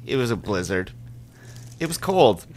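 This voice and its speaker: A man's voice: fairly low pitch, big pitch swings, a little slow, a little mellow. A man telling a rambling, laughing anecdote to friends in casual chat, full of "like" fillers. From Winnipeg. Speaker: storyteller on a podcast.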